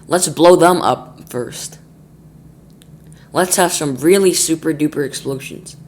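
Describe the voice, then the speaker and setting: A man voicing an excitable, trigger-happy male army chief in a storybook, shouting gleefully. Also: fairly high pitch, slow pace.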